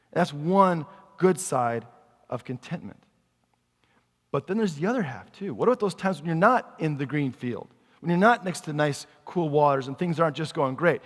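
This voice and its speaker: A male pastor with a fairly high voice preaches a sermon conversationally, putting questions to the congregation as he goes. His words trail off into a long reverb tail.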